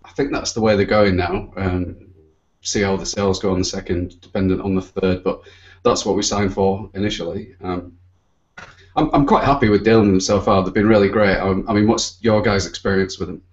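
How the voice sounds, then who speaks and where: A man's voice: low-pitched, steady tone, fairly quick, lo-fi sound. A man with a Northern English accent, a guest author talking casually on a podcast. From north of England.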